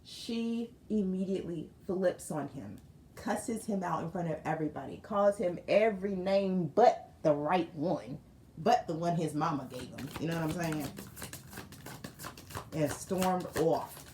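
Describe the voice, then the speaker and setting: Woman spiritual reader, lowish voice, lively storyteller, echoey room with faint hiss. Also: unhurried. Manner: animated storyteller with asides to viewers. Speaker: tarot reader. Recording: roomy room with faint noise.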